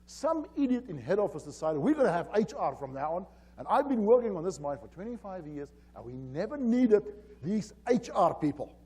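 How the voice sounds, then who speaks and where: Man playing an enraged veteran mine manager, high shouting, husky edge. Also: big pitch swings, brisk, heavily acted. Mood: hostile. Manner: yelling, barking orders. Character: furious older male mine manager, screaming tyrant.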